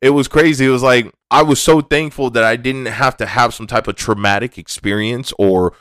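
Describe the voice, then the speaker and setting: A man's voice: mid-range voice, normal speed, a bit bright, clean tone, no room sound, clean studio sound. A young adult man hosting a casual, rambling, candid monologue, with frequent restarts and swearing. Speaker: podcast host.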